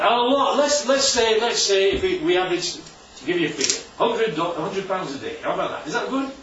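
A man's voice: sits high, a bit bright, a little hiss or hum. A man preaching a sermon in a chatty way, often asking the room questions. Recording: echoey hall from far off, dull.

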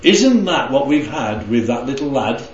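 A man's voice: mid-range voice, sing-song, normal speed, a little mellow. A man leading a group Bible study, teaching interactively and keeping the group involved with frequent check-ins. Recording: roomy, slightly dull recording.

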